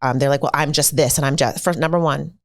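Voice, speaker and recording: A woman's voice: low voice, steady tone, quick pace, no echo, clean studio sound. A woman self-esteem coach, a guest in a conversational interview, who explains with energy and emphasis like a teacher.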